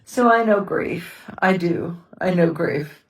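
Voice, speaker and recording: A middle-aged woman, a widow, talking slowly and haltingly about her grief in a quiet house at night, often breaking into tears. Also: fairly low pitch, reverberant, distant mic, rough recording. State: tearful. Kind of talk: personal confessional vlog.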